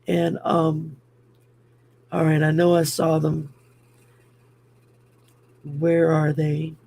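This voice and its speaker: A woman's voice: sits low, flat delivery, very slow, vocal fry, mellow. An older woman from France with a French accent, hosting a rambling, chatty livestream full of ums. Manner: rambling, chatty, many ums, laughs at herself. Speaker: host. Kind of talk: casual livestream chat.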